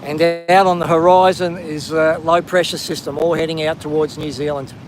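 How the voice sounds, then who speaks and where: Walking outdoors on a windy coastal headland, an Australian livestream host speaks at normal speed in a slightly high, flat voice. Background noise is audible as he chats casually and welcomes viewers by name.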